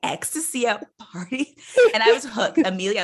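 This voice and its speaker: A woman, a comedian guest on a video call, telling a story in a casual, animated way. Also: mid-range voice, moderate pace. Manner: animated storyteller, acts out quoted voices.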